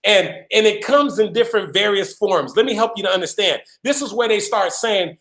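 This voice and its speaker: A man's voice: high-pitched, a little fast, few pauses, fairly bright tone, reverberant. A man giving an emphatic motivational talk on a live call, repeating his lines and calling out listeners by name. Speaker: motivational speaker.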